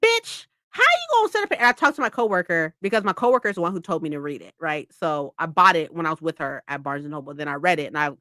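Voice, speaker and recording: A woman's voice: low-pitched, fast, hardly any pauses, dry recording, clean studio sound. A woman hosting a casual live-stream book club, ranting about a book with lots of swearing and frequent laughs. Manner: animated, profane ranting; laughs often.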